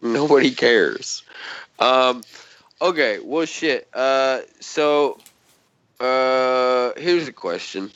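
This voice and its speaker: A man's voice: medium pitch, very slow, fairly bright tone, smooth. A man chatting casually on a podcast, telling a rambling story full of swearing and sarcasm. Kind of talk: casual chat. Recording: dull lo-fi sound.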